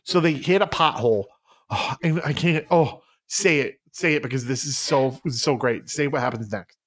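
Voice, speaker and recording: A man co-hosting a comedy podcast, rambling through made-up facts in deadpan improvised banter. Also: mid-range voice, moderate pace. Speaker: podcast co-host.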